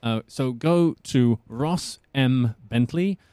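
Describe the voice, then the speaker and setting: A man voice actor chatting casually as a podcast guest, lively and quick to laugh. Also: mid-range voice, no room sound, clean studio sound. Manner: chatty, laughing, restarts often.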